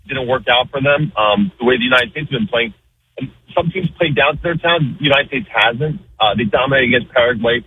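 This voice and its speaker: A man's voice: mid-range voice, brisk. A man calling in to a radio talk show, talking earnestly with many fillers. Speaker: radio caller. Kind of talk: casual call-in chat. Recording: tinny phone line with faint noise.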